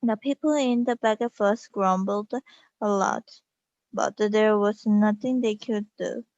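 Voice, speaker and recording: A woman whose first language is Korean reads a storybook aloud in a slow, careful way, with small restarts. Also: medium pitch, steady tone, darkish tone, no echo, dull audio. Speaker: reader.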